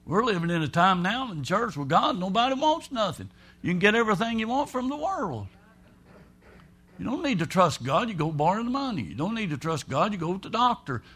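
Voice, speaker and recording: A man's voice: high-pitched, very animated, brisk, fairly bright tone, husky. A man preaching a sermon in a folksy, emphatic way, acting out the voices of people he quotes.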